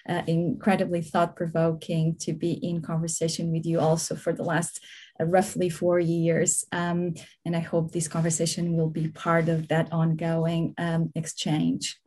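Low, mellow-voiced woman interviewer. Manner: careful, measured questioning. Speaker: interviewer and host. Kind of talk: formal academic conversation.

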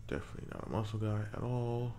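A man's voice: fairly low pitch, level tone, fast talker, warm tone, soft background music. A man casually narrating as he builds a wrestler in a video game, often muttering to himself and swearing now and then. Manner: muttering to himself while working, mild swearing. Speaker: gaming creator.

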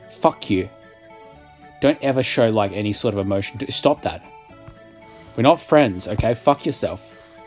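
A man's voice: mid-range voice, a little mellow. A young man giving casual gameplay commentary, sarcastic and exasperated and swearing a lot at the game. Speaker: gaming YouTuber.

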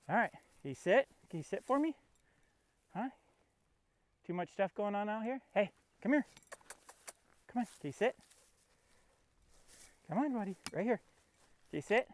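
A man training his puppy outdoors, coaxing the dog and explaining each step in a casual vlog. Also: sits high. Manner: coaxing and talking to his dog, narrating between commands. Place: outdoors in a field.

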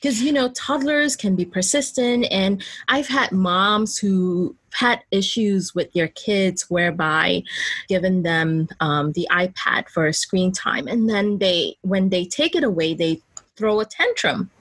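A young woman hosts an interview podcast, asking questions with easy nods of agreement. Her voice is a little breathy and husky. The recording is dry and close. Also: mid-range voice, unhurried, dry recording. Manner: warm affirming interjections, questions. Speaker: podcast host, mother.

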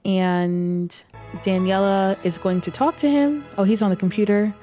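A woman giving excitable, chatty let's play commentary as she plays a life-simulation game, narrating each move. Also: medium pitch, normal speed, soft background music. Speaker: gaming YouTuber.

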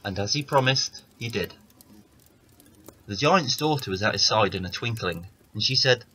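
A man reading a fairy tale aloud as a storyteller, in steady, plain narration. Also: lowish voice, normal speed, slight background noise, poor audio.

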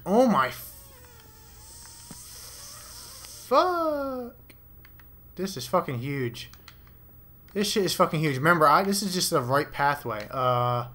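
A man's voice: medium pitch, sharp tone. A young man giving rambling, profane commentary to himself while playing a game. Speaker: gamer. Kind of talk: casual let's play commentary.

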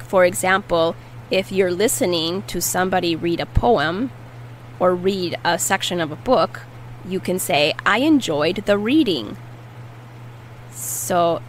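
Female language teacher, slow deliberate delivery, lowish voice, faint hum behind. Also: poor audio. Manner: slow, careful repetition of words. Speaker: Spanish teacher. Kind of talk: language lesson.

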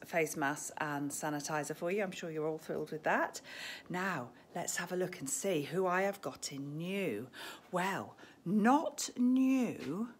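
Holding her phone camera as she walks an indoor shop on a live stream, this host gushes chattily and occasionally lowers to a near-whisper. Her voice is lowish with a breathy edge.

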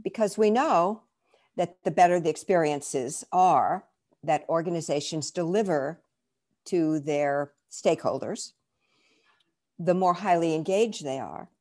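A woman who is an author and management consultant, introducing herself in a measured, earnest way over a video call. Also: sits low, darkish tone. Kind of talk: self-introduction.

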